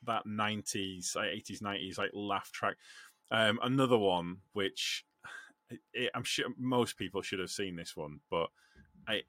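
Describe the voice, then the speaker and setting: A man's voice: lowish voice, dry recording, studio quality. A man hosting a podcast, swearing casually and restarting his sentences as he tells stories. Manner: animated, swears, restarts a lot when telling stories. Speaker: podcast host. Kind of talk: casual chat.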